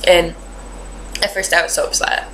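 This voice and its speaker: A woman's voice: fairly low pitch, little pitch movement, normal speed, fairly bright tone, slight background noise, low-quality recording. A young adult woman vlogging in a chatty, rambling way, with lots of fillers as she tells a story. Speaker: beauty vlogger. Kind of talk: casual chat.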